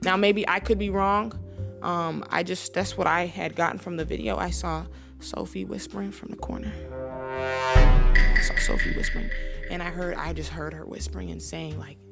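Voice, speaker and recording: A woman's voice: on the low side, steady tone, moderate pace, creaky, loud music behind the voice. A woman hosting a basketball commentary channel, ranting with mock-serious sarcasm in a rambling way.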